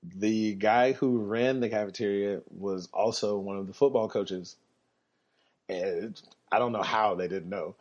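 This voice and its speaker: A man hosting a podcast, telling personal stories in a casual, animated way and chuckling as he goes. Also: unhurried. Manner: animated, chuckling, jumps up in pitch when quoting people. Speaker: podcast host. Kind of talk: casual storytelling monologue. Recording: slightly muffled lo-fi podcast audio.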